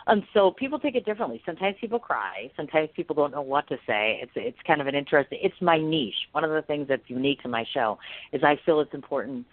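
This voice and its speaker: Fast-talking gushing woman podcast host. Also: low voice, expressive, no room sound. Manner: effusive, gushing. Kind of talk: interview podcast. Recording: phone-like line, dry.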